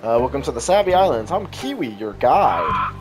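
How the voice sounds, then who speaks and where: A man's voice: mid-range voice, very animated, normal speed, music in the background, lightly acted. A man voicing a talking parrot tour guide, reading its lines in a raised, eager tone. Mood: chirpy.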